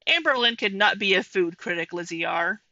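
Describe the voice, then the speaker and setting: A woman's voice: medium pitch, expressive, a little fast, pushed and bright, no echo, muffled recording. A woman giving casual commentary over livestream clips, chatting with viewers by name.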